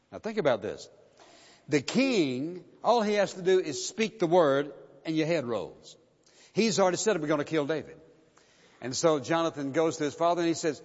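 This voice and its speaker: A man preaching a sermon, reading verses aloud and then turning to ask his congregation pointed questions. His voice sits a little high for a man. It comes through dull and lo-fi, with a long reverb trailing off in a big church sanctuary. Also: lively intonation, a little fast, a little mellow. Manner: expository preaching, reads scripture then challenges hearers.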